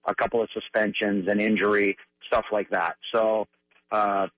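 A man's voice: fairly low pitch, flat delivery, moderate pace, a bit bright, dry recording, highs cut off. A man who works as a hockey broadcaster, speaking earnestly as a radio guest and often repeating words as he thinks. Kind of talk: radio interview.

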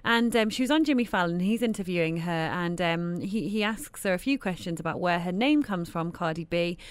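A woman hosts a daytime radio show, chatting and telling stories in an animated way. Her voice is a little low, and the studio recording is dry and close. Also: fairly quick, clean tone, no room sound. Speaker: radio host. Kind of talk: casual radio chat.

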